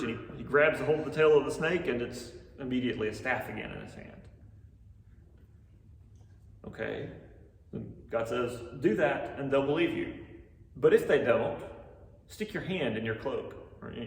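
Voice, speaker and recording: A man in his thirties retells a scripture story to a class in a relaxed, chatty way. His voice sits at an ordinary middle pitch. He is heard from some distance in a large room with a long, roomy echo and a faint hum of background noise. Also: gravelly. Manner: conversational, animated retelling with asides. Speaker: Bible teacher. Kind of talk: casual storytelling lesson. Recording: echoey hall from far off, faint noise.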